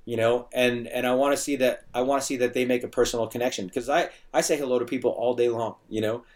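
As a guest in a casual podcast conversation, a middle-aged bartender and bar owner rambles chattily through stories, often restarting, using filler and circling back over what he's said. He speaks quickly in a steady, darkish voice at an ordinary middle pitch.

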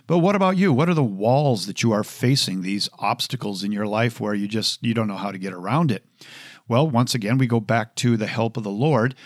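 A man's voice: medium pitch, lively intonation, normal speed, dry recording, clean studio sound. A middle-aged man teaching Bible verses on a podcast, talking straight to the listener and repeating verses with shifting emphasis. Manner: conversational, addresses listener directly.

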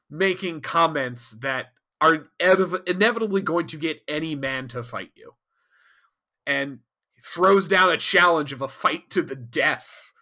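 A man co-hosting a podcast, telling a rambling, animated recap with frequent asides. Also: fairly high pitch. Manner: rambling, animated, laughs often. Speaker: podcast co-host. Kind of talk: casual recap chat.

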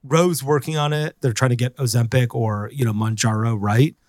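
A man's voice: mid-range voice, steady tone, normal speed, darkish tone, no echo, studio quality. A man co-hosting a podcast in casual chat, rambling with lots of fillers and restarts. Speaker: podcast co-host.

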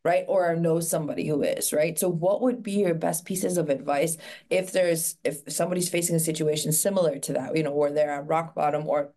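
A woman's voice: low voice, fairly even intonation, a little fast, hardly any pauses, dark tone. A woman hosting a podcast interview, praising her guest effusively and asking open questions. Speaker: podcast host.

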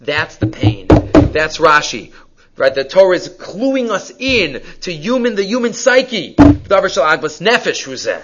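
A man's voice: high-pitched, unhurried, very noisy. A man giving a weekly Torah portion class, telling stories and asking rhetorical questions, with Hebrew and Yiddish terms mixed into his English. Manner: animated storytelling, rhetorical questions. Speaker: Torah teacher. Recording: dull lo-fi recording.

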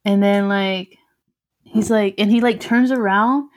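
A woman's voice: mid-range voice, fairly even intonation, a little slow. Young woman telling a story. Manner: mixes English and Spanish, swears freely, laughs often. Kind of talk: casual chat.

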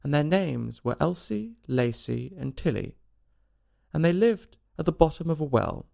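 A man voicing a sleepy, sulky little dormouse with a hoarse, feeble voice. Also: on the high side, sing-song, unhurried, warm tone, pitched above the performer's own voice, heavily acted.

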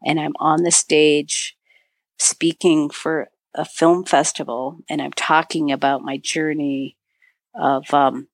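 A woman's voice: sits low, level tone, slow pace, no room sound. A middle-aged woman from northern Michigan, a podcast guest telling a search-and-rescue story, acting out quoted dialogue with lots of "you know". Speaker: podcast guest, author and avalanche dog handler. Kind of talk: storytelling interview.

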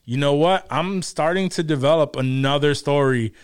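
A man's voice: on the high side, moderate pace, clear, resonant tone. A man co-hosting a podcast, rambling and repeating himself as he thinks aloud. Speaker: podcast co-host. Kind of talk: casual chat.

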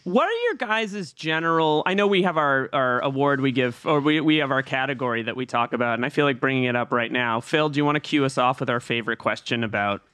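A man hosting a film podcast, talking in a casual, excitable way and laughing easily. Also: medium pitch, clean tone, no echo. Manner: animated, excitable, quick to laugh. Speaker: podcast host.

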